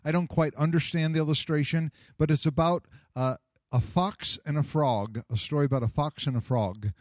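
A man's voice: on the high side, moderate pace, a little mellow, dry recording. Storytelling male preacher, dry close sound. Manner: storytelling, acts out quoted voices, chuckles at own jokes. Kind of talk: sermon.

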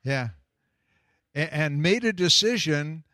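A man's voice: on the high side, animated, slow pace, pushed and bright, no echo, clean studio sound. A man preaching a sermon, telling a story and asking the congregation questions. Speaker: pastor.

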